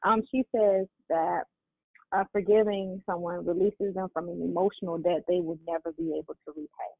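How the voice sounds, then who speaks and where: A woman's voice: lowish voice, steady tone, moderate pace, gravelly, no echo. Woman host, fervent exhortation on a church call; tinny phone sound. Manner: fervent, encouraging. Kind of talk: preaching and exhortation. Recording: dry, tinny phone line.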